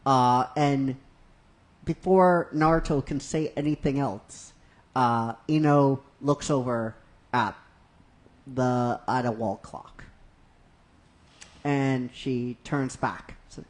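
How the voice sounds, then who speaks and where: A man's voice: mid-range voice, takes it slowly, pauses often. A man casually retelling a fan-written script scene by scene, rambling and hesitant with many fillers. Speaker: narrator.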